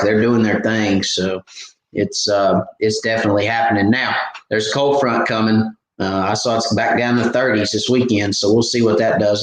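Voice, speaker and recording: Folksy fishing host, roomy sound. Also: male voice, on the low side. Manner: rambling, folksy, lots of fillers and restarts. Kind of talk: casual live stream chat. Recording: echoey room with faint background noise.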